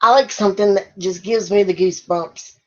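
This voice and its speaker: A woman's voice: medium pitch, steady tone, moderate pace, darkish tone, muffled recording. A woman vlogger answering viewer questions in a casual chat, often breaking into laughter.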